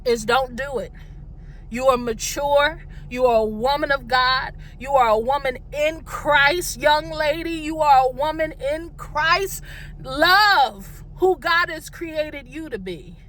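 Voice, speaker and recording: Young woman preaching dating advice, high bright voice, slow and emphatic, bit of background noise. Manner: impassioned and exhorting, with repeated affirmations. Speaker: faith and relationship advice host.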